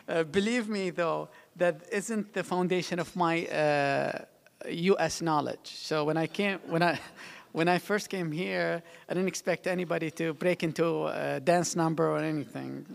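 A middle-aged man from the United Arab Emirates gives a public speech as a diplomat, his slightly high voice carrying a gravelly fry. He pauses and restarts often, filling gaps with many fillers. The sound rings with long hall reverb.

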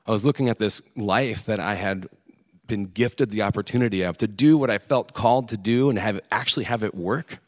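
A man in his thirties telling a candid personal story on a theater stage, earnest and halting at times. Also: lowish voice.

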